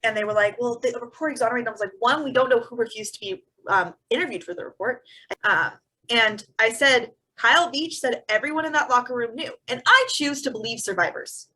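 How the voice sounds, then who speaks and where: A young woman co-hosting a podcast in casual chat, animated and sarcastic. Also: fairly high pitch, low-quality recording. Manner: animated, sarcastic, quick bursts. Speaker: podcast co-host.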